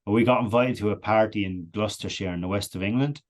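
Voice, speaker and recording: A man's voice: fairly low pitch, fast. Irish man telling a wild story. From Ireland. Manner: animated anecdotal, laughs often. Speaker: podcast guest. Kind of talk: casual storytelling.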